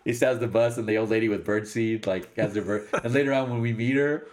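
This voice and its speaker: A man's voice: fairly low pitch, steady tone, quick pace, darkish tone. A man in casual conversation, enthusiastically talking through scenes of a film and acting out the characters' lines. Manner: enthusiastic, acts out quoted lines in voices. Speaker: podcast co-host. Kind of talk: casual movie discussion.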